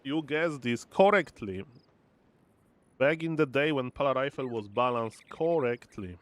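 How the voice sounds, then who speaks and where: A man's voice: mid-range voice, expressive, a little slow. A young man casually casting a strategy game on a live stream, playful and chatty, calling out exclamations and reading viewer messages aloud. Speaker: esports caster and streamer.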